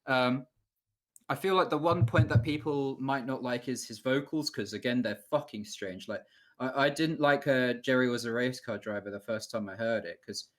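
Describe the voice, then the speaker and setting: Young English man, casual band podcast chatter, laughs often, mid-pitched. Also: normal speed. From England. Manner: laughing, rambling, swearing. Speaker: band member podcast host. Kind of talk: casual chat.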